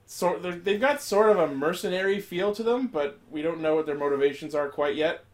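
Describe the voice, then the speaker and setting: A man's voice: on the high side, a little fast. A man casually recapping a show episode, rambling and swearing, acting out quoted lines. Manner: rambling, profane, animated retelling with quoted voices. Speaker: podcast host recapping an episode. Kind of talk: casual chat.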